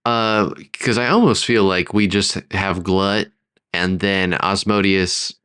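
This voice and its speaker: A male co-host with a lowish voice, thinking aloud through story beats in a relaxed, rambling manner. The recording is dry and close. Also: slow, clear, resonant tone, no echo. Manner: loose, full of "like" fillers. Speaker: podcast co-host. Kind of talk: casual story brainstorming chat.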